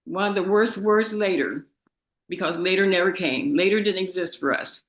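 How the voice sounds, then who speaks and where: A woman of about twenty reads her victim impact statement in court, grief-stricken and tearful, halting and restarting as she speaks of her father. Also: on the low side, poor audio.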